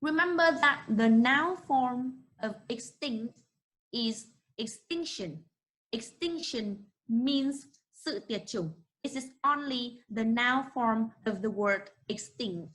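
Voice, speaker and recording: A young woman with a Vietnamese accent teaching an English class online, encouraging and slowly modeling words for students to repeat. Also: a little high, expressive, fairly bright tone, rough recording.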